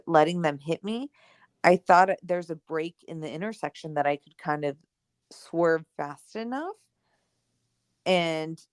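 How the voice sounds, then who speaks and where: A young adult woman co-hosting a podcast, telling a personal story in casual chat, animated and full of "like" and "right?", acting out the dialogue she quotes. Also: low voice, smooth, dry recording, clean studio sound. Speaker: podcast co-host.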